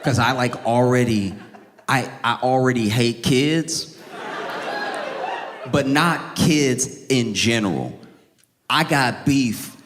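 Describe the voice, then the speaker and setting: A male stand-up comedian with a calm, wry delivery, building stories into bursts of exasperation. His voice sits in a middle register. A long hall reverb trails behind each line. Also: mid-range voice, slow pace, long pauses, a crowd in the background.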